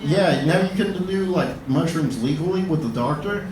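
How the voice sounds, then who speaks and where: A man doing a stand-up comedy set on a club stage, talking in a halting way with lots of fillers and restarts. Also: a little high, expressive, a little hiss or hum. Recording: roomy club, distant mic, loud audience.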